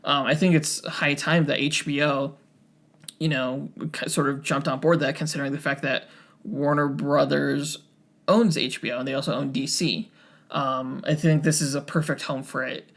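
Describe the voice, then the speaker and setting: A man's voice: mid-range voice, level tone, moderate pace, vocal fry, fairly bright tone. A young man co-hosting a podcast, talking casually with many fillers and restarts. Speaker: podcast co-host.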